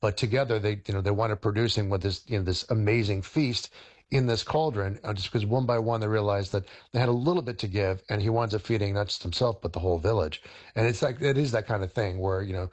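A middle-aged man, a historian and chef, explaining cooking on radio in a halting way, with many fillers and restarts. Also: lowish voice.

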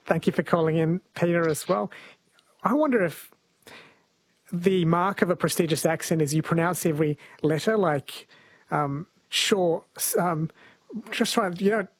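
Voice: mid-range voice, measured pace, husky, no echo. A radio host taking calls and asking questions in a conversational way. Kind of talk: radio talk show.

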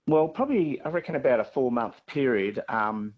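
A man with an Australian accent, a farmer being interviewed, talking haltingly with many fillers and restarts. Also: medium pitch, expressive, muffled recording.

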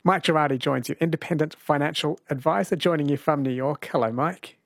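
A man's voice: a little high, fairly quick, creaky, dry recording, clean studio sound. A man hosting a radio show in a friendly, chatty way, laughing easily with his guest. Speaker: radio host. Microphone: studio microphone.

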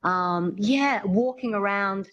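A woman's voice: medium pitch, slow pace, a bit bright, highs cut off. A woman, a coach chatting as an interview guest, with lots of restarts and fillers. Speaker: accent coach.

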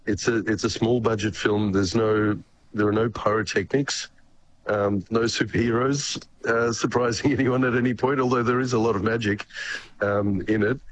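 Hoarse, halting male guitarist. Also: fairly low pitch, slight background noise, low-quality recording. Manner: halting, many restarts and repeated words. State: croaky, hoarse voice. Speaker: guest guitarist. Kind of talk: radio interview answers.

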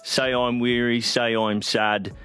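A man's voice: medium pitch, little pitch movement, slow, a bit bright, clear, resonant tone. A man putting on a Cockney accent to recite a poem as a Cockney poet, fully committed to the delivery. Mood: earnest. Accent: put-on Cockney.

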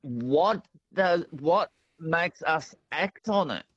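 A man phones in to a radio show and talks in halting bits. His voice comes through a dull, muffled line. There is no room echo on it. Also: a little high, expressive, a bit bright, breathy edge. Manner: hesitant, halting. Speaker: caller. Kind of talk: phone-in call.

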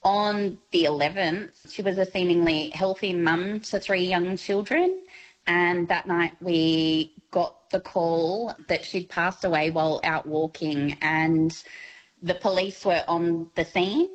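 A woman in a radio interview, telling about her family's loss in a measured way. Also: lowish voice, fairly even intonation, lo-fi sound. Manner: measured, telling a painful story. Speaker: interview guest.

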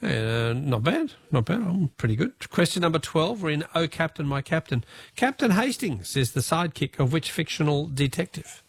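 A man hosting a radio quiz, brisk and chatty, reading out listener messages. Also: a little high, big pitch swings, creaky, slightly rough.

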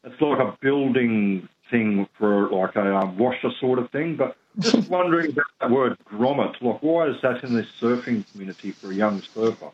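A man's voice: mid-range voice, moderate pace, hardly any pauses, a little mellow, slight background noise. Man calling in, muffled line. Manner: rambling, searching for words. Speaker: caller.

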